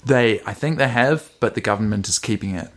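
A man's voice: lowish voice, a little fast. A man co-hosting a podcast in casual chat, joking and goofing around with silly asides. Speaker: podcast co-host.

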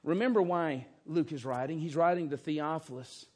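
A man's voice: a little high, normal speed, a little mellow. A man preaching an expository sermon in a church, emphatic and fond of rhetorical questions. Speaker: pastor. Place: church sanctuary.

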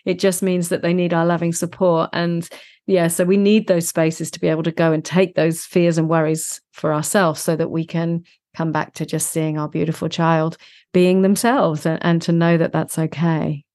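Earnest low-pitched woman podcast host. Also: level tone, normal speed. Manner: warm, earnest, affirming. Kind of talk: casual conversation.

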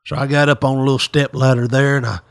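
A man voicing a weary, ornery old farmer who tells his tale in a low, quiet, drawn-out way. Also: level tone, gravelly, clean tone, close to an everyday voice. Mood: rueful.

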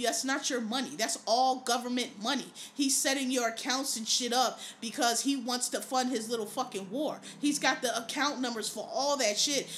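A woman hosting a podcast in a loose, profane monologue, her voice high and bright. She tells her stories with animation and laughs often, over a faint hiss in the background. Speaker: podcast host.

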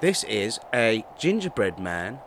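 A man's voice: lowish voice, sing-song, slow, a little hiss or hum, low-quality recording. A man co-hosting a comedy podcast, wry and rambling, swearing freely. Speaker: co-host.

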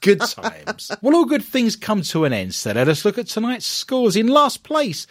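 A man's voice: sits high, moderate pace, no room sound. A man hosting a radio show, joking and wrapping up with scores and thanks. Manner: jokey, breaks into song, animated. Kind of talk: comedic radio chat and show sign-off.

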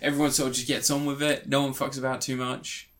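A man's voice: mid-range voice, flat delivery, quick pace. A man co-hosting a podcast, chatting casually about games with dry, teasing humour and many ums. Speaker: podcast co-host.

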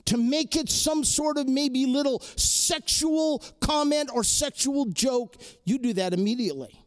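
A man's voice: very high-pitched, measured pace, clean tone. A man preaching a sermon to students and faculty, earnest and exhorting, repeating key phrases and ending in prayer. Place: crowded hall or chapel.

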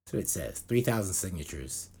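Male podcast host, husky voice, swings his pitch all over, profane rambling banter. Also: very animated, brisk, a little mellow. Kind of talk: casual chat.

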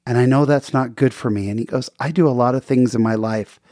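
A man's voice: medium pitch, steady tone, a little fast, a little mellow, dry recording, clean studio sound. Earnest man telling a personal story. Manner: earnest, conversational, with small restarts. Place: hotel near San Diego, in the story.

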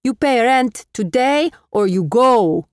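A pushy middle-aged landlord, read by a woman narrator with a thick Armenian accent, blunt and demanding. He speaks slow, clipped broken English in a clear, dry audiobook voice. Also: on the high side, lively intonation, no room sound, voice pushed up. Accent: Armenian accent, put on.

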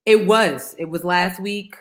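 A woman with a fairly low, slightly slow voice co-hosts a podcast in casual conversation. She's emphatic and slangy, repeating her punchlines for effect.

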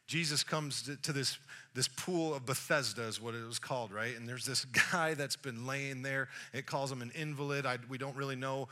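A man's voice: mid-range voice, steady tone, normal speed, pushed and bright. A man preaching, retelling Bible stories in a casual, slangy way. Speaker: pastor. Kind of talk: sermon storytelling.

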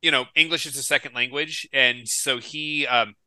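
A man with a very bright, forceful tone tells stories in loose casual chat, circling back and restarting as he goes. His mid pitch sits close to a dry mic with little room sound. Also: steady tone, moderate pace, clean tone, dry recording, poor audio. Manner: rambling storyteller with restarts. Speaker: podcast co-host.

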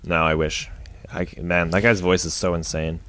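A man who acts, chatting on a podcast with quick, wry teasing remarks. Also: low-pitched, flat delivery, fairly bright tone. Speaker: podcast guest, actor. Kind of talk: casual chat.

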